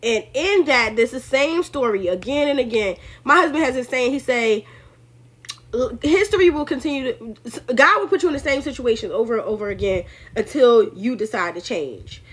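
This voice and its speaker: A high-voiced woman in her thirties riffs on politics in a loose, chatty monologue. She keeps it lively, slipping into mock voices to act out what others said and laughing along the way. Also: moderate pace, breathy edge. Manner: animated, acts out quotes in put-on voices, laughs often. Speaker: political commentary host. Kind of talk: casual opinion monologue.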